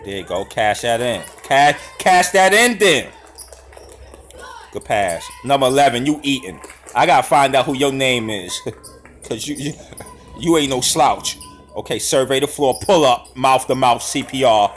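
A man doing casual, slangy live reaction commentary over basketball highlights, hollering and laughing at big plays. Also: moderate pace, a little hiss or hum.

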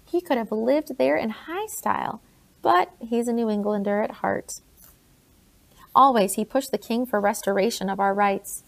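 A woman reading an audiobook, voicing a blunt, grave older colonial gentleman in her own plain voice. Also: on the high side, creaky.

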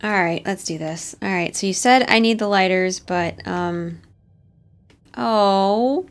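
A woman's voice: medium pitch, takes it slowly, soft background music. A young woman commenting on a horror game, jumpy and nervous, swearing and talking herself through scares. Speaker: gaming streamer.

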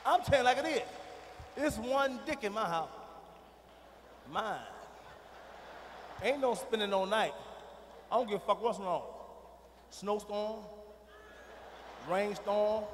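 A middle-aged man doing a profane stand-up comedy routine on a big arena stage, dropping from low muttering to shouting. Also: slight background noise. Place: large arena stage with audience. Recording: live hall recording with reverb.

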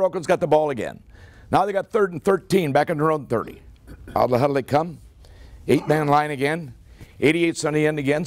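Lively older man telling a funny story. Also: a little high, dry recording. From United States. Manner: folksy, punchy delivery with acted-out dialogue. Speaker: after-dinner speaker. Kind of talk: humorous storytelling speech. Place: club meeting hall.

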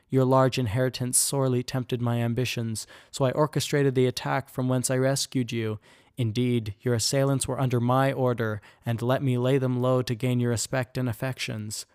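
A man's voice: mid-range voice, darkish tone, clear, resonant tone, no echo, studio quality, natural voice. A man voicing a scheming young man who formally confesses his ruse in a letter. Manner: formal, stately letter reading.

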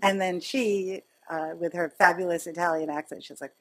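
A woman surgeon giving a lecture, telling personal stories in a conversational, animated way. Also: lowish voice, fairly quick, few pauses, slight background noise, low-quality recording. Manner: conversational, animated storytelling with laughs. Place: lecture hall.

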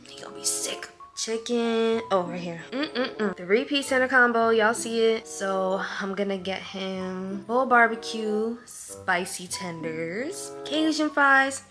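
A woman with a bright, crisp voice chats to her viewers at home, slangy and loose. She laughs easily and keeps a casual vlog tone at an ordinary pitch. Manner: chatty, slangy, laughs often. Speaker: vlogger. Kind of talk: casual prank vlog chat. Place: at home indoors.

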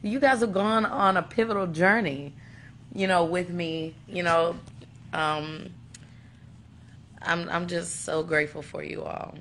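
A young woman thanking her fans in a tearful, halting way, with restarts and soft laughs. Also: lowish voice, steady tone, a little hiss or hum. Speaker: singing contestant addressing fans. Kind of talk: emotional thank-you video to fans.

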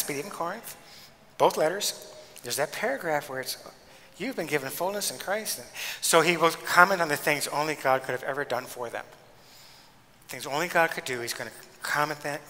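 Animated male lecturer in a reverberant hall. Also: a little high. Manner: animated, emphatic, acts out quoted speech. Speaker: guest lecturer and pastor. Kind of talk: lecture with storytelling.

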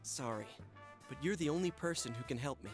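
A man's voice: mid-range voice, animated, brisk, over music, lightly acted. A man voicing an earnest teenage boy. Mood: determined. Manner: earnest, determined. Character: brash loyal teenage boy, grieving. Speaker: game character. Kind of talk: video game voice acting.

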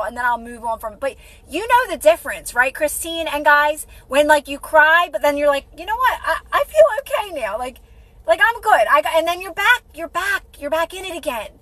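A woman's voice: high voice, brisk, pushed and bright, no room sound, rough recording. A woman hosting a casual motivational livestream, repeating herself encouragingly and greeting viewers by name. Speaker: livestream host.

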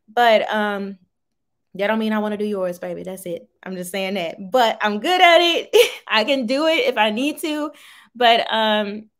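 A woman in her thirties chatting casually on a livestream, answering viewer comments in a folksy, talkative way. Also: mid-range voice. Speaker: livestream host, small business owner.

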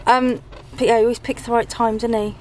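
A woman's voice: fairly high pitch, little pitch movement, fast talker, crowd noise. A woman vlogging as a mother, chatting casually, swearing freely and laughing often. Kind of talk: casual vlog chat.

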